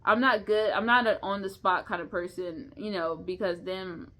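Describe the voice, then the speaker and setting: A woman's voice: mid-range voice, steady tone, moderate pace, sharp tone. A young woman talks to her viewers in a loose, unscripted vlog. She rambles from thought to thought, stumbles and restarts words, and laughs often as she goes. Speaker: vlogger. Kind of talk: casual unscripted vlog chat.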